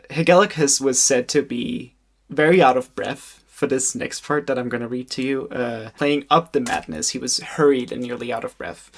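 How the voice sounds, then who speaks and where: Young man, twenties, video essay narrator, wry jokes, mid-pitched voice. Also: normal speed, vocal fry. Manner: joking, wry asides. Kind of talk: casual educational video essay.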